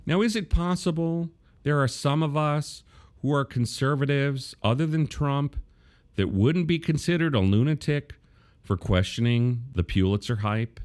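A man's voice: medium pitch, measured pace, a little mellow. A man hosting a podcast, delivering a political commentary monologue with wry, sarcastic asides. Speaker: podcast host.

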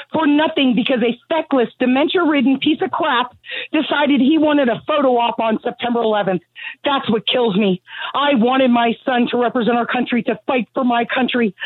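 A woman's voice: high voice, slightly rough, dry recording. A middle-aged woman calling in to a radio show, out of breath from pacing, angry and grieving as she rants bluntly. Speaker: caller. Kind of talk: phoned-in talk radio call. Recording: tinny phone line.

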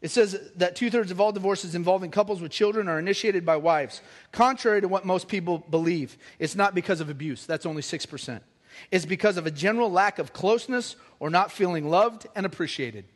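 A middle-aged man preaching a sermon, animated and joking with the congregation. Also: high-pitched, fairly quick. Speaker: pastor.

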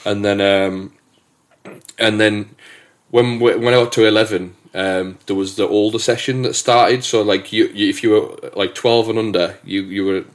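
Man, low voice, halting casual storytelling, podcast host. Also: steady tone. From England. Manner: hesitant, many restarts and fillers.

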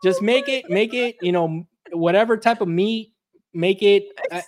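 A young man from the Miami area, a podcast guest telling stories in casual chat, animated and swearing freely as he acts out quotes. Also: high voice, unhurried, no room sound, studio quality.

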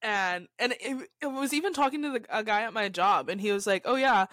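A woman's voice: medium pitch, a little fast, a bit bright, dry recording, studio quality. A young woman from California, co-hosting a podcast and telling stories in a rambling, casual way, acting out what people said with lots of restarts. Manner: chatty storyteller, quotes people in their own voices, frequent likes and restarts. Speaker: podcast co-host. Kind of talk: casual chat.

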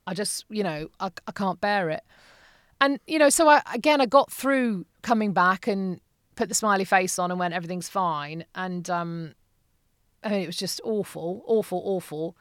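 A middle-aged woman, an interview guest, telling a painful personal story in a halting, emotional way with many repeated phrases. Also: mid-range voice, smooth, no echo, clean studio sound.

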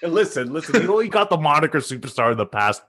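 A man in a casual sports chat, animated, laughing often and pausing with "uh" while he searches for names. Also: a little high.

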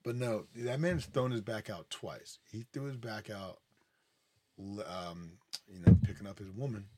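A man's voice: lowish voice, a little slow, very noisy. A man hosting a casual podcast, telling rambling, profane family stories with lots of "like". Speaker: podcast host. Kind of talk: casual storytelling chat.

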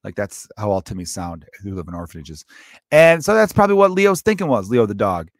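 A man's voice: fairly low pitch, very animated, brisk, no room sound, studio quality. A man in his thirties hosting a comedy podcast, telling a loose, profane, jokey story.

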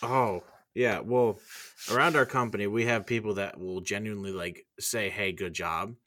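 A man's voice: fairly low pitch, moderate pace, fairly bright tone, dry recording, clean studio sound. A young man chatting casually, blunt and profane, with an exasperated edge. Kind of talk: casual chat.

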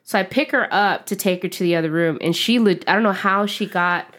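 A woman's voice: medium pitch, a little fast, fairly bright tone. A woman co-hosting a book podcast in casual chat, a giggly storyteller who throws in slang like y'all.

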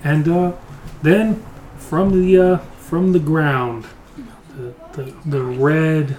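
A man's voice: fairly high pitch, steady tone, takes it slowly, darkish tone. A man narrating as game master of a tabletop game, hesitant, with many fillers and restarts.

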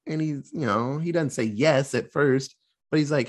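A man casually recapping a film plot, swearing freely and acting out the characters' lines in quick put-on voices. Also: medium pitch. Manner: loose, profane, acts out quotes in quick voices. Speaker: podcast host recapping a film. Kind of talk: casual chat.

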